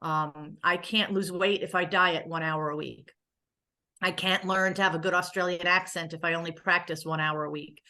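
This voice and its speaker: A woman therapist speaking at a conference, her voice sitting a little low yet coming across bright and forceful. She talks in a loose, conversational way, dropping in jokes and plenty of "um" fillers as she goes. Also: fairly even intonation, normal speed. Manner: conversational with joking asides and frequent fillers. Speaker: pediatric therapist giving a conference talk. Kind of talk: conference presentation.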